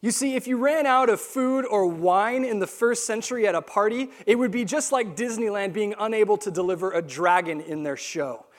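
A young man preaching a sermon, telling a lively story and acting out the quotes. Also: high-pitched, normal speed, few pauses. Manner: animated storytelling with acted-out quotes. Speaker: pastor.

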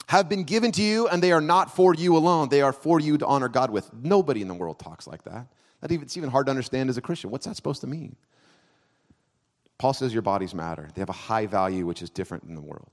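A man preaching a sermon as a pastor in a church, moving between loud, raised emphatic passages and quiet, low, close asides. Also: lively intonation, fast talker. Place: church hall.

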